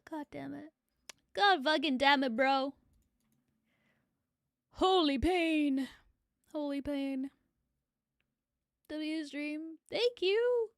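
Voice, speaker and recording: A woman streaming her reaction to a video, her voice high with a gravelly fry, heard close and dry. She speaks slowly, swearing and laughing through tears. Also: no room sound. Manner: emotional, swearing, laughing often. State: tearful. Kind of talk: casual live reaction.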